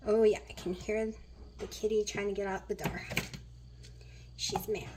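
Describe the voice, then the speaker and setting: A woman's voice: medium pitch, flat delivery, normal speed, background noise. A woman chatting casually as she cooks in her home kitchen, rambling with plenty of fillers. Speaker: vlogger. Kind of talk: casual kitchen vlog chat.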